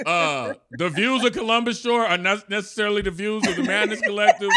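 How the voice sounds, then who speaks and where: A man co-hosting a casual gossip podcast, telling stories in an animated way and acting out the people in them. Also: sits high, fairly quick, heavy background noise. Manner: animated storyteller acting out voices. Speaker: podcast co-host.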